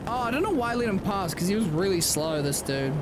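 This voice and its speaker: A woman's voice: medium pitch, lively intonation, fast talker, noisy background. A young woman racing driver streamer chatting casually with viewers, saying "like" a lot and laughing often. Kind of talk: casual livestream chat with viewers.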